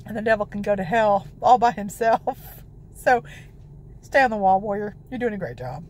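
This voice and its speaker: A woman with a gravelly voice giving devotional teaching and prayer, citing scripture and breaking into exclamations. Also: mid-range voice, normal speed, a little mellow, a little hiss or hum. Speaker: prophetic ministry host.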